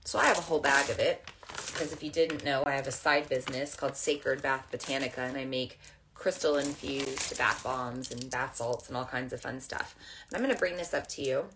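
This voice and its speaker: A woman with a low voice talks gently to a camera in a room at home, teaching spiritual topics. She meanders in a casual way and uses plenty of fillers. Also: steady tone, a little fast, noisy background. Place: indoors at home under overhead lights. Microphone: camera facing her.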